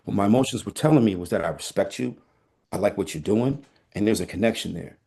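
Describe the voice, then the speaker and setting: A teaching artist, guesting in a casual conversation, tells stories in a playful, candid, animated way. His voice sits low with vocal fry and a breathy edge, and he talks fast.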